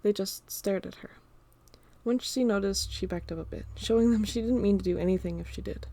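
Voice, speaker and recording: A woman narrating an audiobook in a steady storytelling read. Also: medium pitch, a little fast, no echo.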